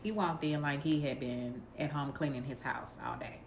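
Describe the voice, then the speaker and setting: A woman with a low, full voice tells a story in a casual, blunt, sassy way. She keeps the talk lively and direct, with a faint hum of background noise behind her. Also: moderate pace. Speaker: vlogger telling a dating story.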